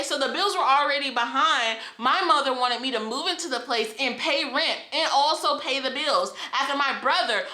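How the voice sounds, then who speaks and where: A young woman with a high, bright voice tells a hurtful family story straight into her phone. She vents in repeated, frustrated bursts and breaks into laughter along the way. The room around her sounds echoey. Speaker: vlogger. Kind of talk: emotional personal storytime vlog. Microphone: phone camera.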